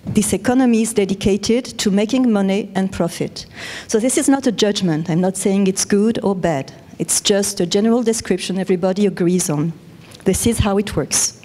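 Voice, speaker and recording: A woman with a French accent giving a measured, explanatory conference talk. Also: medium pitch, mellow. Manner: measured, explanatory, with self-corrections. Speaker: conference speaker.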